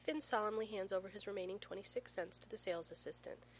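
A woman reading a story aloud with playful, expressive comic timing. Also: medium pitch, quick pace, a little hiss or hum, poor audio. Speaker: reader. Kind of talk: storytelling narration.

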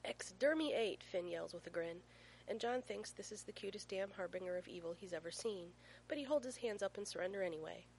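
A woman reads a fan fiction story aloud in a fairly low voice, telling it with playful warmth. A faint hum sits beneath her narration. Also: fairly quick, rough recording.

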